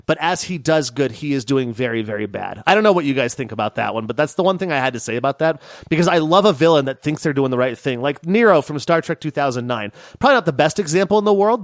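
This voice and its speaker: A man co-hosting a gaming podcast in casual chat, talking in an animated way and laughing easily. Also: fairly high pitch, no room sound, studio quality. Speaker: podcast co-host.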